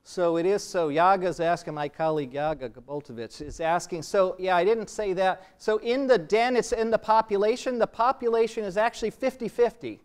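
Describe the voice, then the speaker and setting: An older man, a biology professor, giving a public lecture and answering audience questions with relaxed, self-deprecating asides. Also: high-pitched, clean tone. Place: lecture hall.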